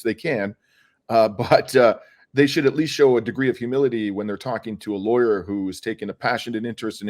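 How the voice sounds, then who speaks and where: A middle-aged man, a lawyer and activist, giving an earnest interview answer, arguing with frequent hesitations and restarts. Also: on the low side.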